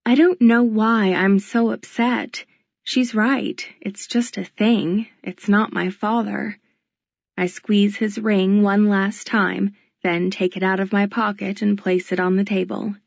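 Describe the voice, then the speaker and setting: A woman narrating a novel in the first person, in a quiet, measured, introspective way. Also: medium pitch, flat delivery, vocal fry, no echo, highs cut off. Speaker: audiobook narrator.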